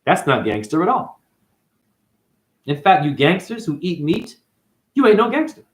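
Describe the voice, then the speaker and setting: Male vlogger, slightly high voice, animated and profane, rambling spiritual monologue. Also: normal speed. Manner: animated, profane, calls listeners "honey". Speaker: video monologue host.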